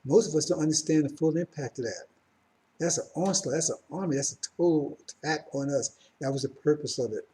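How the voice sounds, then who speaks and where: A man's voice: a little high, brisk, dark tone. A middle-aged man giving a rambling live-streamed religious talk, correcting himself and then building to fervent emphasis. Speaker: religious teacher.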